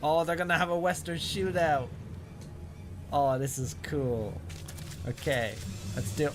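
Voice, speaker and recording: An Irish man casually commenting on a game during a live stream, chatty and rambling, often pausing with ums. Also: a little high, music in the background. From Ireland. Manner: chatty, rambling, thinking aloud with many ums.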